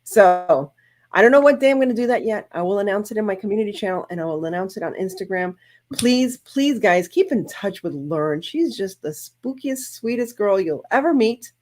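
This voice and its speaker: A woman's voice: medium pitch, expressive, normal speed, darkish tone. Chatty woman hosting a craft live-stream. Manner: chatty, rambling, emotional. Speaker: crafting channel host. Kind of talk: casual live-stream chat.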